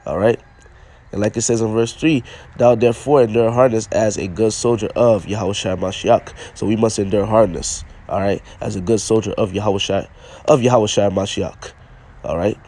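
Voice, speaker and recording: A preacher with a lowish, mellow voice gives an informal sermon at a moderate pace with fairly even intonation. He reads scripture in King James English, then explains it in plain speech, repeating himself and often checking in with "all right?"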